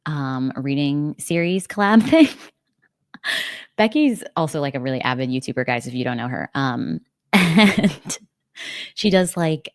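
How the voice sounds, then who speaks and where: A woman's voice: deep voice, no echo, clean studio sound. A young American woman hosting a casual livestream, chatty and bubbly, filling her talk with "like" and little laughs. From United States. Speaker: livestream host. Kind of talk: casual live-stream chat.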